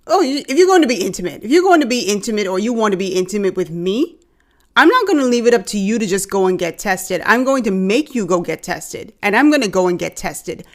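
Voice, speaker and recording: A woman with a Bahamian accent hosting and commenting frankly, speaking straight to her viewers. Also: medium pitch. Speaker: host reacting to a clip.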